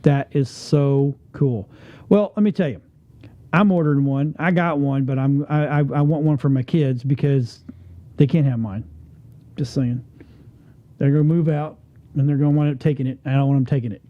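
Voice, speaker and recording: A man's voice: fairly high pitch, normal speed, no room sound, lo-fi sound. Chatty man hosting a business show. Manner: chatty, rambling, repeats himself. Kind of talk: casual interview chat.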